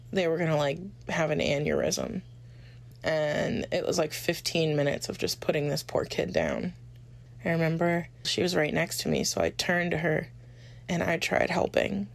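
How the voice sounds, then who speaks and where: Young woman with a low, gravelly voice. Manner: conversational, filler-heavy, with many pauses. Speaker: former student interviewee. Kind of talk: casual recounting of memories.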